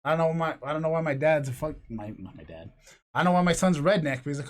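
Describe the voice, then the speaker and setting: A man's voice: on the high side, quick pace. A middle-aged man hosting a podcast from his home, telling long, profane, rambling stories in casual chat. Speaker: podcast host. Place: home room apart from co-host.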